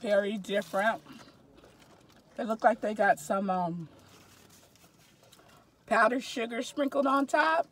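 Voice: medium pitch, takes it slowly, long pauses, a bit bright. Upbeat food vlogger in a car. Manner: upbeat, chatty, praising the food. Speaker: vlog co-host. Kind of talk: casual food-tasting chat. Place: inside a parked car.

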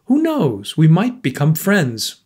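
A man's voice: fairly high pitch, wildly swooping pitch, slow pace, darkish tone, slightly rough, pitched above the performer's own voice, exaggerated voice. A man reading a storybook voices a troubled, brooding man who talks in a gloomy, pressing way. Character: tense, brooding man, restless and intense.

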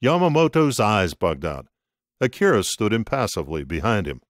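Male audiobook narrator, low voice, lively pitch, dry close sound. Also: normal speed, no room sound. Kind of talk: scripted narration.

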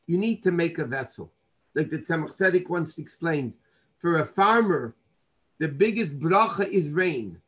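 Husky-voiced rabbi telling a story. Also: male voice, fairly high pitch, low-quality recording. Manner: earnest storyteller, dropping in Hebrew and Yiddish terms. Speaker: rabbi teaching a Torah class. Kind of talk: storytelling Torah lesson.

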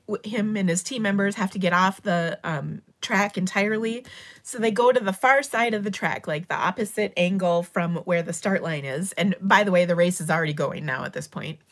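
A middle-aged woman hosting a casual livestream, emotionally retelling a story and tearing up as she talks. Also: mid-range voice. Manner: emotional, tearful retelling with rising excitement. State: crying. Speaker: craft channel host.

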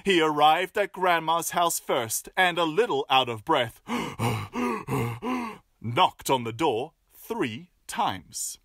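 A storyteller reading a fairy tale aloud with playful asides and expressive delivery. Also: medium pitch, slow pace, few pauses.

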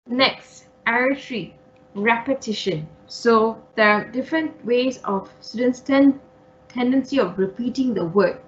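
Slightly high and a little slow, this woman's voice comes through lo-fi online class audio. She is a teacher running an English writing revision lesson online, going through every point patiently, step by step, with plenty of "okays" and "all rights."

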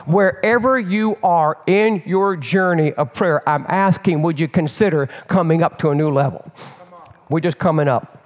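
An older man preaching as a pastor and telling a personal story in an animated, candid way, often repeating words as he builds. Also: fairly high pitch, normal speed. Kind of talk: storytelling sermon. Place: church sanctuary. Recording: long reverb of a church hall.

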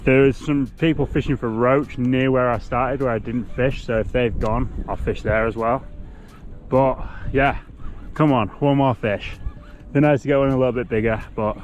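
Young male vlogger, laid-back and unhurried, mid-pitched, talks to himself while outdoors. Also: a little mellow, a little hiss or hum. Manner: laid-back, swears mildly, mutters to himself. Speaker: fishing vlogger. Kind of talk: casual vlog commentary. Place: outdoors on a canal bank.

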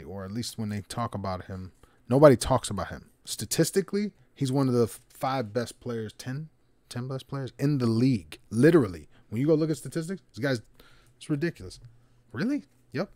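A man's voice: mid-range voice, dry recording. Slangy man opening cards, dry close mic. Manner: slangy, excited, mutters asides under breath. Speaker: card break host. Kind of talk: casual card-opening commentary.

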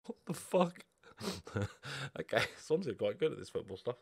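Excitable man commentating a game. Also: on the low side, a little fast, vocal fry. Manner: excitable, swears freely, swings between calm muttering and loud outbursts. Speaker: gaming video host. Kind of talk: live football game commentary.

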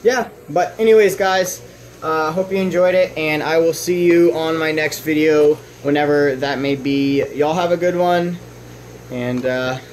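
A young man from the Southern US with a Texan accent, giving a rambling, halting update about his fish at home and often restarting his sentences. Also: on the high side, steady tone, slight background noise, rough recording. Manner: coos at his fish in a raised voice. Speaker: fish-keeping vlogger.

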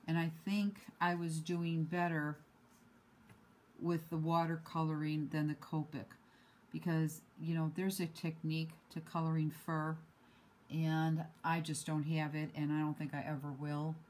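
A woman showing her handmade cards at home in an unhurried, self-deprecating way, with many ums and uhs. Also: low voice, level tone, a little mellow, low-quality recording. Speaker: card-making hobby vlogger. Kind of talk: casual show-and-tell craft demo.

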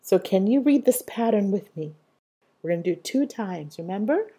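A woman's voice: medium pitch, expressive, mellow, breathy edge. A young woman teaching a music lesson to small children, cheerful and encouraging, inviting them to say rhythms along with her. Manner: slow, cheerful sing-song teacher talk with call-and-response prompts.

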